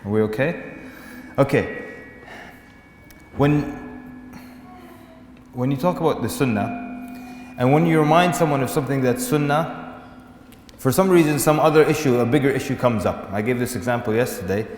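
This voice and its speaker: A man's voice: mid-range voice, normal speed, pauses often. Male lecturer giving a playful talk on a venue mic, in a hall with long reverb. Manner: joking, animated, mimics excuses in voices. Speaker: Islamic lecturer. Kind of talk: humorous religious lecture. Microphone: venue microphone. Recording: echoey hall, faint background noise.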